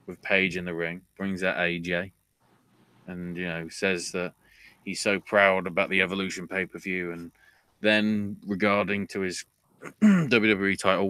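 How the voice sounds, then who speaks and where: A man's voice: low-pitched, fairly bright tone, no room sound. A man hosting a podcast, recapping wrestling in a casual way with offhand, wry asides. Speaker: podcast host.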